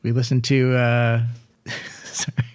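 A man's voice: mid-range voice, completely flat delivery, slow pace, clear, resonant tone, no room sound. A man hosting a casual music podcast, rambling and self-deprecating with lots of fillers. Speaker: podcast host.

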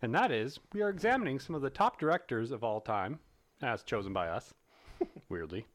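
A man co-hosting a casual film podcast, talking in an animated, playful way and laughing often. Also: mid-range voice, normal speed. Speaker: podcast co-host. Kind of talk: casual chat.

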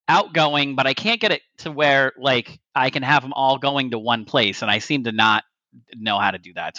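A man's voice: mid-range voice, pushed and bright, dry recording. Swearing podcast co-host man, lo-fi sound. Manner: loose and chatty, swears casually. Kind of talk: casual podcast chat. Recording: dull lo-fi mic.

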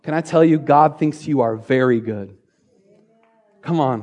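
A man preaching a sermon on a church stage, playful and energetic, joking and repeating key phrases. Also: mid-range voice, a little slow, long pauses, highs cut off, a faint crowd. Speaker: pastor.

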